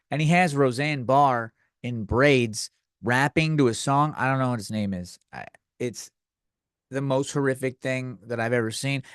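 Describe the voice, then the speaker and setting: A man's voice: medium pitch, no echo, studio quality. A man hosting a comedy podcast, ranting in a crude, sarcastic, rambling way with lots of restarts. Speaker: podcast host.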